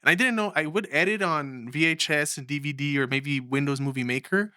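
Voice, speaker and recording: Bright, animated man from Mexico telling his story. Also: on the high side, brisk, clear, resonant tone, no room sound, clean studio sound. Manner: animated storyteller, acts out quoted dialogue. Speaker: filmmaker guest. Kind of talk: storytelling interview.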